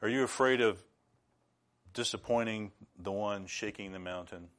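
Earnest low-voiced man preaching. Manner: earnest, measured preaching with sudden loud bursts. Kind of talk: sermon.

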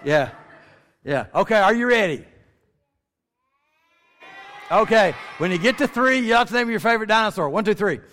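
Folksy high-voiced man joking in a hall. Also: animated, fairly bright tone. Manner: folksy, joking, drawn-out emphasis. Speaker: speaker at a creation ministry. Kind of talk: lively talk to a family audience. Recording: long reverb of a large hall.

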